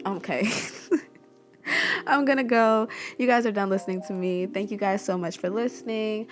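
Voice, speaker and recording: A woman's voice: medium pitch, steady tone, normal speed, soft background music. A woman hosting her own podcast, talking casually and reflectively in a solo monologue with a self-deprecating touch. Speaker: podcast host.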